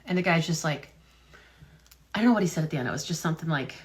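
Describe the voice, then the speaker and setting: A woman with a slightly low voice talks straight to her viewers in a loose, casual vlog. She rambles and thinks out loud, full of "um"s and restarts. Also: lively intonation, quick pace. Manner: rambling, wonders aloud, many fillers and restarts. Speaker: health and business content creator. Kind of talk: casual talk-to-camera vlog.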